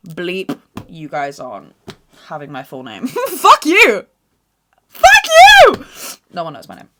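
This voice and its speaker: A young woman hosting a podcast, ranting casually and profanely, rambling from loud outbursts to low mutters. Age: young adult. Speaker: podcast host. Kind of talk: casual rant monologue.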